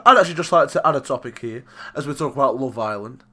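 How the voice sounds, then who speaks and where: A man's voice: medium pitch, fast. A young man co-hosting a casual sports podcast, teasing his co-host drily and running through racing tips. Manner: dry teasing, deadpan tips.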